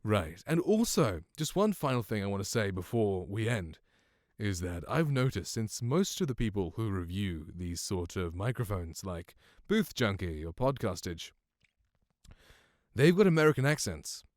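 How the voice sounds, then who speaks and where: Give me a young British man with a lowish voice rambling casually about gear, recorded dry and close. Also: very animated, moderate pace, dry recording. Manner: rambling, self-deprecating, fillers like "like". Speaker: YouTube microphone reviewer. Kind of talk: casual talk to camera. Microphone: studio condenser mic, close.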